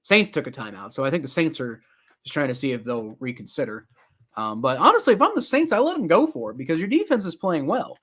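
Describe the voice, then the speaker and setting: A young man giving casual live play-by-play reaction to a football game, rambling with many fillers and getting loud and exasperated at times. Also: on the high side, sing-song, fast talker. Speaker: sports reaction streamer.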